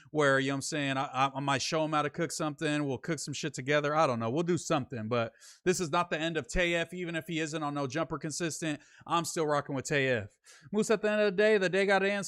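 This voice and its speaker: A man's voice: on the high side, a bit bright, no echo, clean studio sound. A young man from Northern California, hosting a casual livestream, reading chat messages aloud and answering them in loose, slangy talk.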